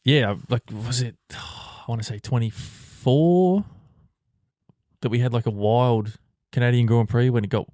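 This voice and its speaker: A man's voice: mid-range voice, a little slow, dark tone, dry recording, studio quality. A man co-hosting a podcast in casual chat, swearing freely and laughing often. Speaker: podcast co-host.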